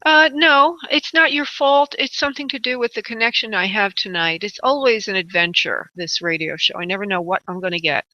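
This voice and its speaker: A woman hosts a call-in psychic radio show, chatting in a rambling way and calling her callers honey and darling. Her voice is bright and ringing. The sound is dull and lo-fi, recorded dry and close with no room echo. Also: medium pitch, a little fast, few pauses. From United States. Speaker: psychic medium radio host. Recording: dull lo-fi internet radio audio.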